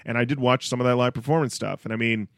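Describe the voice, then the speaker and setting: A man co-hosting a podcast in casual chat, retelling scenes with animated little voices. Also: medium pitch, fast talker, creaky, dry recording. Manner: animated storytelling, acts out bits. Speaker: podcast co-host.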